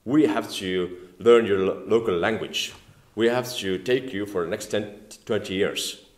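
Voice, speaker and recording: A man from Estonia with an Estonian accent and non-native English, giving a speech at a formal dinner with many halting "like"s and "uh"s. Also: on the low side. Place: banquet room at a formal dinner. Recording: echoey dining hall.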